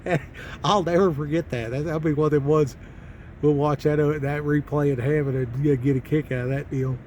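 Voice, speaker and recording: Country trucker guy rambling stories from his cab, drawly, lots of uhs, voice a bit high, faint road noise behind. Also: fairly even intonation, fairly quick, darkish tone, lo-fi sound. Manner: rambling, folksy, with many fillers and restarts. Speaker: truck driver vlogger. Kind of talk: casual storytelling vlog. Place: truck cab parked on a mountain pass.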